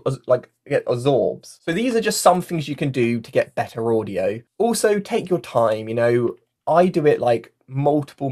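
A workshop facilitator giving a casual online lesson, talking into a mic with a fluffy cover and often using fillers like "like" and "you know". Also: medium pitch. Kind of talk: casual online workshop teaching, reading out chat comments. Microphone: mic with a fluffy foam cover.

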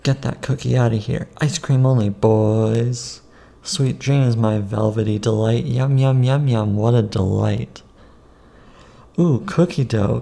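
A man reads his own picture book aloud in an unhurried, playful sing-song, chanting silly rhymes between asides about the pages. His voice is mellow and dark, with a gravelly rasp underneath. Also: mid-range voice.

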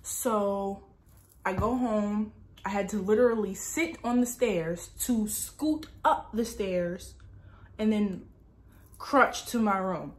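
A young woman vlogger telling a personal story in a casual, animated way, full of asides. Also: medium pitch, slow pace. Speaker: lifestyle vlogger.

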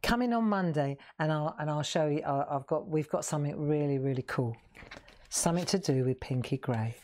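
A woman's voice: low-pitched, brisk, darkish tone. Chatty woman hosting a craft stream. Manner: chatty, playful, sings snippets and jokes with viewers. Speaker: craft show host. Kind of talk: live craft stream chat.

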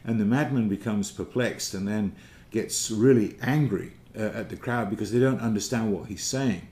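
Delivering an informal theology lecture at a moderate pace, a man speaks in a lowish, darkish voice. He is reflective and gropes for words, and the room lends a noticeable echo.

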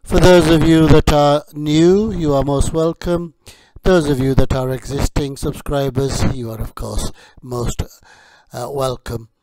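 A man with a slightly higher voice speaks with slow, careful deliberation, as if teaching learners. He says each word clearly and then leaves a pause for it to be repeated. His voice is close and dry, with almost no room sound. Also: steady tone, darkish tone, no echo. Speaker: English vocabulary teacher. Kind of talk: slow, deliberate vocabulary drill.

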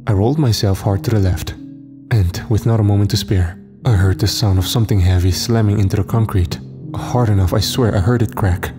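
Low-voiced man narrating horror. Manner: tense, suspenseful storytelling. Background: faint music.

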